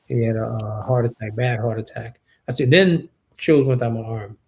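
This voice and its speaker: Brief: male interview guest, gravelly tone, subdued, halting storyteller. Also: mid-range voice, fairly even intonation, a little mellow, low-quality recording. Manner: halting, many restarts and fillers; shaken and subdued. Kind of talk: emotional personal storytelling.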